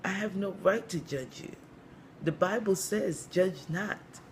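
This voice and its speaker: A man's voice: high-pitched, measured pace, slight background noise, voice pushed up. A man voicing an older church mother with a cracked, tender voice who keeps calling the other speaker baby, told as a comedy bit. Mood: soothing. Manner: tender, calls everyone baby. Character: old church mother, woman, cracked voice, soothing. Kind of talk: comedic storytelling.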